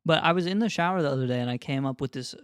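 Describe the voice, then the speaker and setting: Male podcast co-host, playful rambler, laughs a lot, a little high, dry close mic. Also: racing, fairly bright tone, clean tone, no echo. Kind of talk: casual chat.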